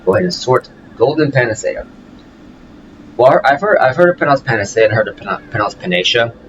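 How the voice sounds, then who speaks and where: Lively man narrating his gameplay. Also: medium pitch, a little fast, highs cut off, slight background noise. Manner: rambling, lots of fillers and restarts. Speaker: let's play host. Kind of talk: casual gameplay commentary. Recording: game music playing behind. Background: game music.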